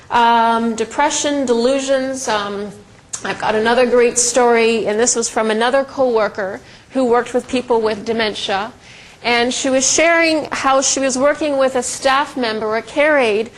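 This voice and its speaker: A middle-aged woman, a presenter and educator, gives a conversational lecture, telling stories with frequent ums and restarts. Her voice is a little high, and the recording is rough.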